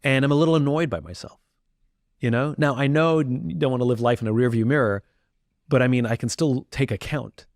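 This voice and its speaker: A middle-aged man reflects candidly on his own life, circling back and restarting his thoughts as he goes. His voice sits at an ordinary pitch for a man. The studio sound is dry and close. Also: fairly quick, no room sound. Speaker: interview guest. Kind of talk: candid conversational interview.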